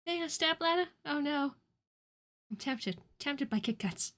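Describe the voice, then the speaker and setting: A woman streamer chatting casually over a game, self-mocking and prone to sudden loud shouting. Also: sits high, lively intonation, measured pace. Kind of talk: casual gameplay commentary. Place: home.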